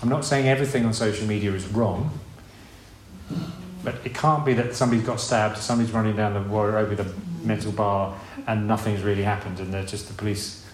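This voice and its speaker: Chatty preacher in a roomy hall. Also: male voice, lowish voice, steady tone, a little fast, slight background noise. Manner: conversational, rambling with restarts and asides. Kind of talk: informal sermon. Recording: roomy hall with faint ambience.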